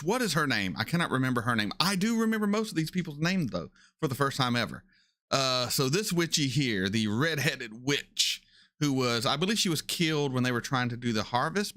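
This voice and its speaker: Bright-voiced man hosting a livestream. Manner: opinionated, repeats himself for emphasis; frequent excited jumps up in pitch. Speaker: reaction channel host. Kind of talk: casual livestream chat.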